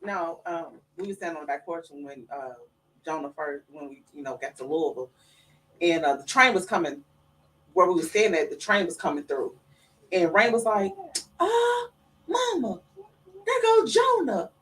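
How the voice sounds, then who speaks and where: A woman, a guest and mother, telling family stories casually and acting out the voices of others in a raised pitch, in a studio. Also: fairly quick, recorded from a distance, low-quality recording. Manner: animated storyteller who acts out quotes in a high voice. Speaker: guest, mother of the late artist. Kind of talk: casual storytelling.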